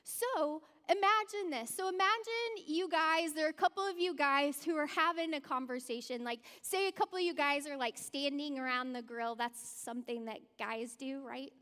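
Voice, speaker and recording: A woman's voice: high voice, normal speed, few pauses, pushed and bright. A woman speaking in a church, giving a conversational sermon and addressing the congregation directly. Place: church hall. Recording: long church-hall reverb.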